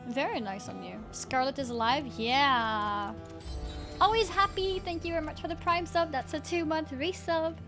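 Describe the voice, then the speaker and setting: A woman's voice: sits high, moderate pace. Giggly woman streamer over game music. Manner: chatty, giggly, thanks chat. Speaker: livestreamer. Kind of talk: casual gaming stream chat.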